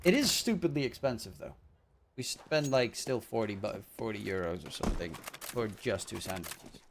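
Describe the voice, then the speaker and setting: A man casting an esports shooter match alone, rambling casually between calls and getting loud on the big plays. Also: on the low side, expressive, moderate pace, vocal fry, a little hiss or hum. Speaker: esports caster. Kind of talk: solo casting commentary.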